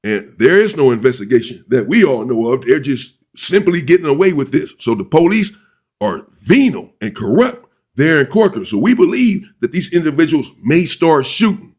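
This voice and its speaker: Man, fairly high voice, slow deliberate storytelling, repeats himself for emphasis. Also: big pitch swings, a little mellow. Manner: deliberate, repeats and restates points. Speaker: former inmate recounting a prison riot. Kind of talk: first-person storytelling.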